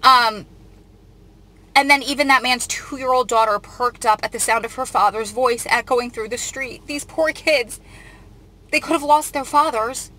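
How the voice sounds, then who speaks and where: A woman's voice: a little high, measured pace, bright, forceful tone, poor audio. A young woman vlogger reading a news article aloud and reacting to it in an earnest, emotional way. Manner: earnest, emotional, often close to tears.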